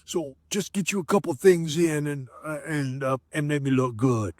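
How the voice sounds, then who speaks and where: A man's voice: on the high side, normal speed, dry recording, studio quality, natural voice. A man playing a cocky veteran male wrestler who talks in a brash, showy way. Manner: brash, calls people baby and brother.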